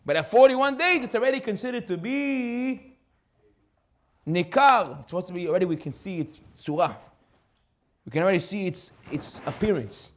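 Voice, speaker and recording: A man, a rabbi, giving a sermon with animated storytelling, rhetorical questions and frequent laughs. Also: sits high, moderate pace.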